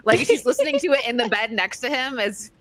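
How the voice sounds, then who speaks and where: A woman's voice: fairly high pitch, lively intonation, brisk, fairly bright tone, dry recording. A woman hosting a casual livestream chat, reading out viewer donations and chatting with guests in a giggly way. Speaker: livestream host.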